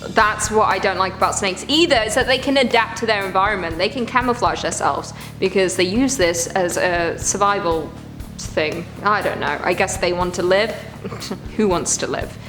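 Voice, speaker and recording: A woman's voice: medium pitch, moderate pace, over music. A woman hosting a reaction video in casual commentary, squeamish and groaning in disgust.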